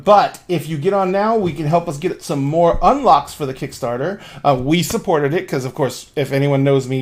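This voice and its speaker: A man running a tabletop game on a stream, talking in a casual, rambling way and swearing now and then. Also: mid-range voice. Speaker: game master.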